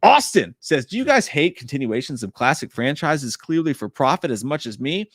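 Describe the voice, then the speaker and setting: A man co-hosting a casual movie livestream, reading out viewer comments and answering with animated, profane talk. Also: medium pitch, dry recording, clean studio sound. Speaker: podcast co-host.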